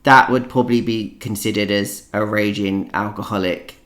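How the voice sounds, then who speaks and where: A young man with a Cockney accent, co-hosting a podcast in casual chat, talking fast with lots of fillers and restarts. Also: fairly low pitch, fairly even intonation, fairly bright tone. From England. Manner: chatty, ranting, lots of likes and restarts. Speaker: podcast co-host.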